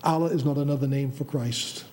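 A man's voice: medium pitch, steady tone, a little fast, a little mellow. A man preaching a sermon with a Michigan Upper Peninsula accent, emphatic, repeating his phrases and sometimes stumbling over words. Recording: reverberant hall with faint ambient noise.

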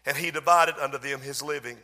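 A male preacher with a bright, forceful voice pitched a little high, delivering a dramatic sermon. He swells loud and drops soft, drawing out key words, and the sound rings with a long hall reverb. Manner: dramatic, swells and drops in loudness, slows for emphasis.

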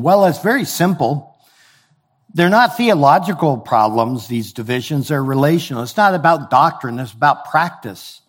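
Male pastor, sermon delivery, relaxed conversational teaching voice, a touch high. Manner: conversational, explains with everyday examples and reads scripture aloud.

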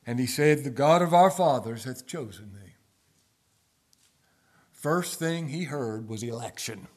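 Male preacher, mid-range voice, fervent sermon delivery with sharp swings between loud emphasis and hushed asides. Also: mid-range voice, animated, a little slow. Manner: rhetorical questions, King James quotations.

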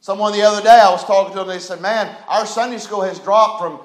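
A pastor preaches in a notably high voice. He fires off rhetorical questions, dropping to near-hushed asides before rising into loud cries. The sound rings through a reverberant church room. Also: steady tone, fast talker. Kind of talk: sermon. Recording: echoey room.

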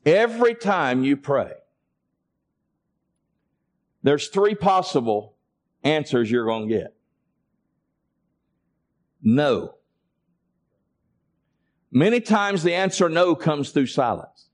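A man's voice: fairly high pitch, very animated, takes it slowly, pauses often. A man preaching a sermon and calling for responses from his congregation. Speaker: pastor.

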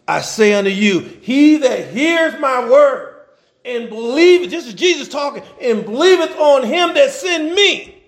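A man's voice: extremely high pitch, animated, a little slow. A man preaching a sermon, fervent and calling out to the congregation, stretching out scripture readings and breaking into chuckling asides.

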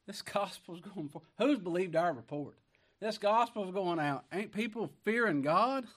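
Folksy preacher, pitch on the high side. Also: male voice, animated, moderate pace, a bit bright. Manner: folksy, rising to emphatic bursts, chuckles often. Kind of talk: sermon reading scripture and commenting.

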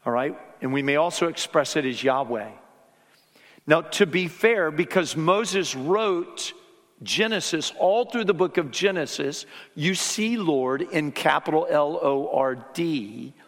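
A man preaching a sermon in a church sanctuary, his fairly high voice rising for emphasis and then dropping to a near hush. A long reverb from the large hall trails behind his words. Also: expressive, measured pace. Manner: dynamic preaching, dropping to soft hushed tones for emphasis. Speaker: pastor.

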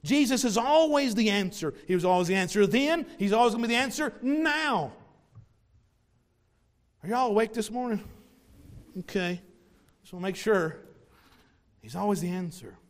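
A man preaching a sermon to his congregation, animated, acting out little voices of the people in the story. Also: sits high, moderate pace, long pauses. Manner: animated, plays out voices of mockers and parents. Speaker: pastor.

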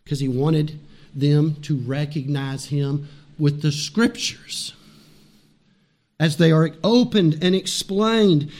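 High-voiced, animated male preacher. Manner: animated preaching with laughs and sudden drops to quiet intensity; repeats phrases for emphasis. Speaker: pastor. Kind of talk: sermon.

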